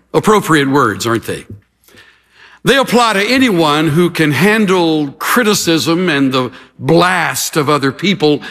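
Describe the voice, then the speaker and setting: A man preaching a sermon, measured and emphatic, with dramatic pauses between phrases. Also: on the high side, a bit bright. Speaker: pastor. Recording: preached in a reverberant hall.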